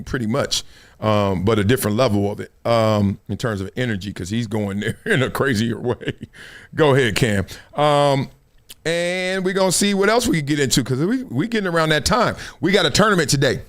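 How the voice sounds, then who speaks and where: A middle-aged man hosting a live sports talk stream, telling stories in a casual way and acting out the lines of the people in them. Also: a little high. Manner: animated storytelling, acts out quotes. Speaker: host.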